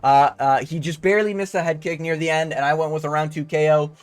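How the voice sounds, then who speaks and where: A man's voice: a little high, fairly even intonation, fast, clean tone. A young man giving a casual, profane, slang-heavy fight breakdown. He rambles and keeps tagging his points with "okay?". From Canada. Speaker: MMA fight analyst.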